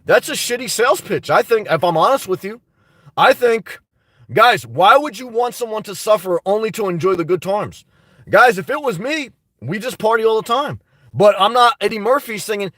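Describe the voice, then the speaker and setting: High-voiced blunt man chatting live. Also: animated, a little fast, a bit bright, no echo, recorded from a distance. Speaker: livestream host reading chat. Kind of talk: casual live chat. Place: home in New Jersey.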